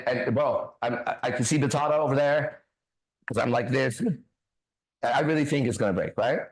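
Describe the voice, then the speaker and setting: A man hosting a faith talk show, telling a story in a casual, profane, animated way and acting out the other voices. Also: mid-range voice, low-quality recording. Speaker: ministry host.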